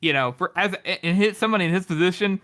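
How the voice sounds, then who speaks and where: High-voiced guy on a book podcast, chatty, keeps laughing while he retells stuff. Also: fast talker, a bit bright, clear, resonant tone. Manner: giggly, laughs through retelling. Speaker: podcast co-host. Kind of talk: casual book discussion, retelling scenes.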